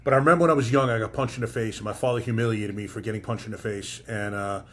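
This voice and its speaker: Quick-talking guy hosting a podcast, jumps in with his own stories, acts out what people said. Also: fairly low pitch. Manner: quick, animated storyteller acting out quotes. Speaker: podcast host. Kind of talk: casual conversation.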